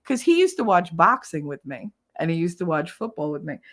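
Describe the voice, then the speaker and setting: A woman from New Jersey hosting a casual livestream, chatty and animated, laughing often and jumping into loud high yelling when she acts out a scene. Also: fairly quick. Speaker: livestream host.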